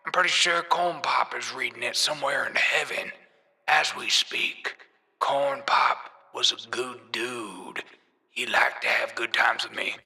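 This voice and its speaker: Man doing a gravelly, rambling old president. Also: medium pitch, sing-song, measured pace, pushed and bright, voice pushed down, full character voice. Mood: wistful. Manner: meandering, folksy, trails off. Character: rambling elderly male president, goofy and forgetful. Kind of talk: comedic impression on a podcast.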